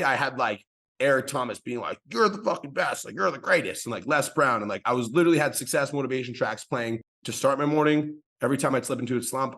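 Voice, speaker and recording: A male coach firing off motivation at high speed, salty and emphatic. His voice sits in an ordinary middle range, driving hard through every point. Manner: fast, profane, hyped, emphatic. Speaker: business coach hosting a group call.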